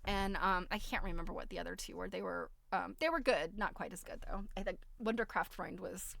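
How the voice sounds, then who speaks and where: Casting note: middle-aged woman host, bright tone, dry close sound, chatty and laughing. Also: lowish voice, a little fast, vocal fry, no room sound. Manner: chatty, laughs often, storytelling with quoted asides. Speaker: livestream host. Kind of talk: casual chat to a live audience.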